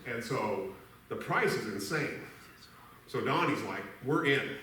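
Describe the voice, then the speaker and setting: A man's voice: medium pitch, lively intonation, unhurried, bright, forceful tone, a little hiss or hum. Middle-aged man, folksy rambling storyteller, heard from a distance in a very echoey church hall. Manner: rambling, folksy, laughs through his story. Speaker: eulogy speaker. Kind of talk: storytelling at a memorial service.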